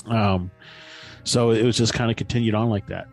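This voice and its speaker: A man's voice: fairly low pitch, steady tone, moderate pace, gravelly, darkish tone, faint music behind. A man on a podcast casually retelling a story in a rambling way, with many fillers and restarts.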